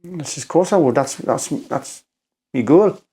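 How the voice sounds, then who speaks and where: A man with a Geordie accent, a podcast guest telling a story in a rambling, halting way, acting out quotes with "I says". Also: a little high, lively intonation, warm tone, husky. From Newcastle, England. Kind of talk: casual storytelling conversation.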